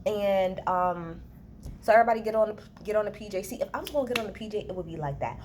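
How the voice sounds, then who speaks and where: A woman recording a casual reality TV recap on a handheld phone, talking to her viewers in a blunt, animated rant full of profanity. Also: medium pitch, quick pace, background noise. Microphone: handheld phone, no tripod.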